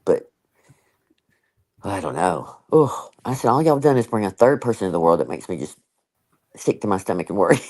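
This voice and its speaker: An older woman hosting a casual live stream talks emphatically and chattily, laughing often and adding many asides. Her extremely low, darkish voice swings widely in pitch at a moderate pace with frequent pauses, on a rough recording.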